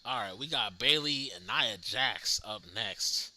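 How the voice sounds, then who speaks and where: A man's voice: lowish voice, slow. A man hosting a live reaction stream, chatting casually with viewers and laughing often. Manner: animated, laughs often, talks to chat viewers. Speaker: livestream host reacting to wrestling.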